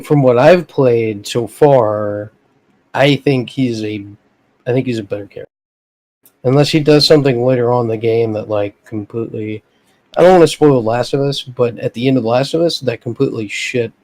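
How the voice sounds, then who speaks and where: A man co-hosting a casual gaming podcast, giving relaxed opinions full of fillers. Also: mid-range voice, normal speed, rough recording. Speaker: podcast co-host.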